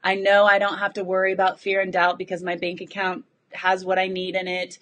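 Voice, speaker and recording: Breathless woman coach, excitable and rambling, chatting live to her followers. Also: mid-range voice, fairly quick. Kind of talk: live video chat to followers.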